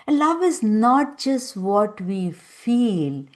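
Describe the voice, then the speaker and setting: A woman hosting a podcast interview, speaking in a calm, affirming way with soft spiritual phrasing. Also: on the high side, extremely slow. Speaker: podcast host. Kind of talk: slow, gentle interview talk.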